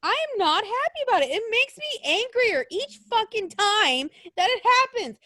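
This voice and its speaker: A woman's voice: very high voice, big pitch swings, normal speed, few pauses, bright, forceful tone, dry recording, studio quality. A young woman co-hosting a wrestling podcast, ranting and swearing in exasperated casual chat. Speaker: podcast co-host.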